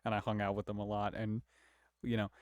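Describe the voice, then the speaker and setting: A man's voice: lowish voice, monotone, fairly quick, no room sound, studio quality. A young man casually chatting while streaming a game, slangy and loose. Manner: casual, slangy, says bruh. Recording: game music behind.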